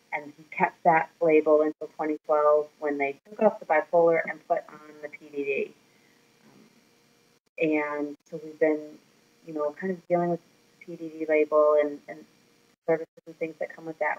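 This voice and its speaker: A mother talking to her camera in a casual vlog, telling a candid, rambling story with plenty of fillers. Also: sits low. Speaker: mother vlogging about her son. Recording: slightly dull lo-fi recording.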